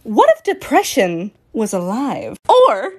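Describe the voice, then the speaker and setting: A woman's voice: on the high side, wildly swooping pitch, slow pace, darkish tone, husky. A woman hosting a casual drawing video, chatting in a playful, giggly, self-mocking way. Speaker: artist and video host.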